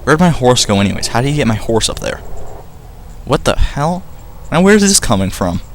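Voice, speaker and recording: A man's voice: mid-range voice, big pitch swings, moderate pace, slight background noise. A young man commenting on a game casually, rambling, joking and swearing. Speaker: let's player.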